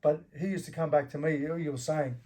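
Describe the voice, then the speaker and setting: A middle-aged Australian man telling rough stories in casual, profane talk, laughing as he goes. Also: fairly high pitch, steady tone, fast, warm tone. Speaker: interview guest. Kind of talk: casual storytelling with heavy swearing.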